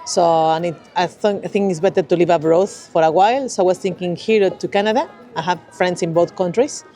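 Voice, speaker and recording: Mellow-voiced woman, chatty. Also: fairly low pitch, brisk, faint music behind. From Mexico. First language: Spanish. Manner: chatty, laughs between phrases. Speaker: interviewee. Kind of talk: casual interview.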